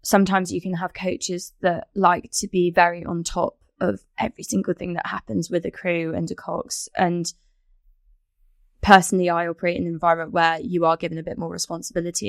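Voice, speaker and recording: A young woman talks through her answers in an easy, chatty manner, thinking aloud and laughing often. Her voice sits slightly low for a woman. The sound is dry and close, with no room around it. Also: level tone, a little fast, gravelly, no room sound. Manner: reflective, chatty, laughs easily. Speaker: podcast guest, rowing coxswain. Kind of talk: conversational interview answers.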